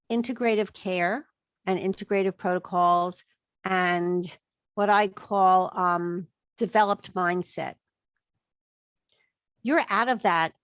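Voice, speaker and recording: A woman's voice: mid-range voice, fairly bright tone, no room sound. A woman speaking as a guest expert in a podcast interview, emphatic and acting out what she thinks to herself. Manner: emphatic, acts out quoted thoughts. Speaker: guest expert on chronic illness.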